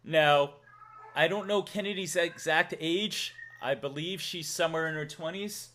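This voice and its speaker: A man with a Massachusetts accent, hosting a casual livestream chat, talkative and quick to laugh as he reads out donations. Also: fairly high pitch, bright, forceful tone. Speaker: livestream host.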